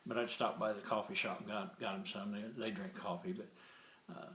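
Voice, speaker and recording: A man's voice: fairly low pitch, flat delivery, brisk, a bit bright, slight background noise. Man telling a faith story, roomy echo. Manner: rambling, with many fillers and restarts; retells dialogue with frequent "he said, I said". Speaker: Christian sharing a testimony. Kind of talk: casual spoken storytelling.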